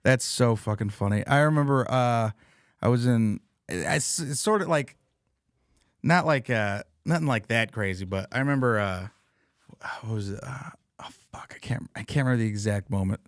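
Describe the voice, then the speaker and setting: A man's voice: medium pitch, normal speed, dry recording, clean studio sound. A man hosting a podcast in loose casual chat, swearing and laughing often. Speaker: podcast host and comedian.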